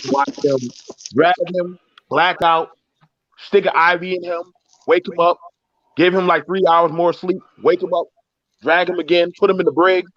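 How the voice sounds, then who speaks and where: A man telling stories in a casual chat, profane and animated, laughing often. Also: high voice, moderate pace, dry recording. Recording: dull lo-fi sound, faint hiss.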